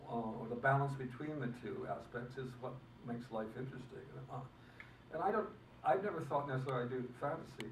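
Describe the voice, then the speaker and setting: An older film director in a press interview, talking haltingly and restarting often as he searches for words. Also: medium pitch. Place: convention room. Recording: echoey room, mic far off, faint noise.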